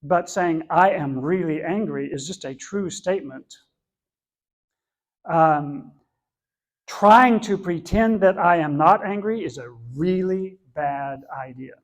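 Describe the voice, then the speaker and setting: A man with a fairly high voice teaches an adult class at church. He talks in an earnest, conversational way. He often restarts and rephrases to get his point across. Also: slow pace. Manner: earnest, repeats and rephrases as he explains.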